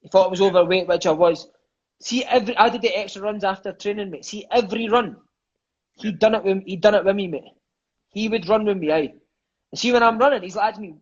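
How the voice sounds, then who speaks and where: A Scottish man and former footballer telling lively, profane stories in an interview, calling everyone "mate". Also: sits high, fast, dull audio. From Scotland. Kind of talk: storytelling interview chat.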